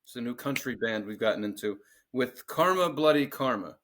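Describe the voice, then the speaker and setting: A man's voice: medium pitch, expressive, normal speed, a bit bright, slight background noise. A man co-hosting a podcast in casual chat, joking crudely as he reads out a song list. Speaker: podcast co-host.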